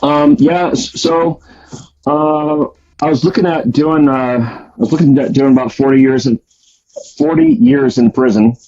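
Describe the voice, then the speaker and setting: A man tells a long story in a loose, rambling way, stopping to restart his sentences and filling gaps with "uh" and "um." His voice is husky and sits at a middle pitch. The recording sounds dull and lo-fi. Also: sing-song, unhurried, dark tone. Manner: rambling, many fillers and restarts. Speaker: guest storyteller. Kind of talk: casual storytelling. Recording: dull lo-fi audio.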